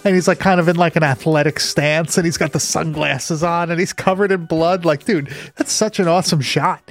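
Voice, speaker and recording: A man co-hosting a podcast, chatting casually about a movie in an excitable, rambling, profane way. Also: a little high, brisk, soft background music. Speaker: podcast co-host.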